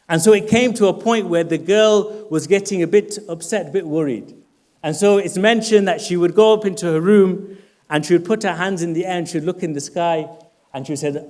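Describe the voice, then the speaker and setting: A man's voice: high-pitched, a little fast, darkish tone. A man preaching a sermon, telling a story and weaving in fluent Arabic phrases. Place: lecture hall.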